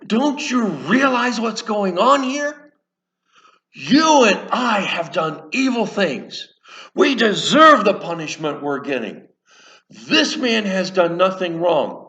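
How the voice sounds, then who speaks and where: A repentant thief dying on a cross pleads earnestly and humbly, as a male preacher acts him out. His voice rides high and swings widely, and he speaks slowly. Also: sing-song, pushed and bright, highs cut off, heavily acted. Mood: rebuking.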